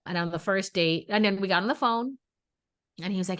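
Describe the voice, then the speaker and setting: A woman, co-hosting a podcast and telling dating stories in a lively, chatty way, acting out quotes. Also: fairly low pitch, quick pace. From New York area. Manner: animated storyteller, acts out quotes. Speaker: podcast co-host. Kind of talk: casual chat.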